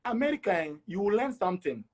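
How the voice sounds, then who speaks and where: Middle-aged man, husky, a touch high. Animated storyteller, interview guest. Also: fairly quick. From Togo. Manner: animated, acts out dialogue with repeats.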